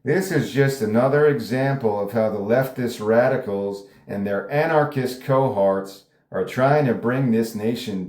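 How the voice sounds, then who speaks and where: A man's voice: lowish voice, darkish tone, close to an everyday voice. A man reading a brash, combative female conservative pundit in a script table read, with snide delivery. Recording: roomy echo.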